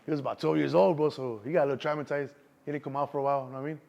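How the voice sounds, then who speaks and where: A middle-aged man with a Chicago accent tells stories as an interview guest, using casual street slang and repeatedly saying "you know what I'm saying." His voice is on the high side and darkish, flat in pitch, racing and with vocal fry, in lo-fi sound. It's casual storytelling.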